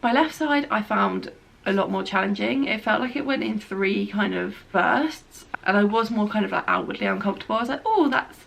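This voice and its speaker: A young woman talks casually to her camera at home, rambling a little and leaning on filler words. Her voice sits in a middle pitch range and has a gravelly fry running through it. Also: brisk, fairly bright tone, slight background noise. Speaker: vlogger. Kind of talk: casual spoken update. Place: at home, by a bed.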